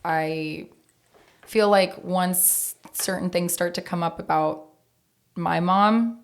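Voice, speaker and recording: Female podcast host, low with fry, thoughtful chat. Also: steady tone, slow. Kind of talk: casual chat.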